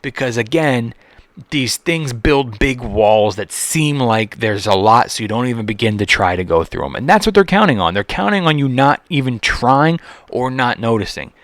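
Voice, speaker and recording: A man's voice: mid-range voice, lively intonation, normal speed, a bit bright, no echo. A man hosting a solo comedy podcast, ranting in an exasperated, profane way with lots of restarts and filler words.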